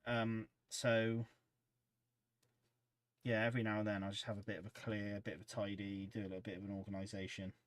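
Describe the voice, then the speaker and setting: A man's voice: on the low side, flat delivery, brisk, long pauses, no echo. A man hosting a casual livestream, rambling in an easygoing way as he reads out chat messages. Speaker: livestream host.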